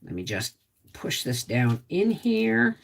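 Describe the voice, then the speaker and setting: A woman chats through a relaxed home livestream. Her voice climbs and dips freely as she greets viewers and talks to her dog. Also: low voice, slow, vocal fry. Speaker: homestead livestream host. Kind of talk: casual livestream chat.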